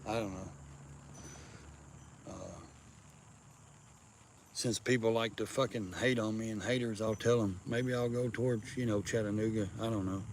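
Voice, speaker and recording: A man's voice: fairly low pitch, fairly even intonation, moderate pace, pauses often, background noise. A man chatting casually outdoors, rambling and crude, breaking into baby-talk for the cats around him. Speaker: vlogger.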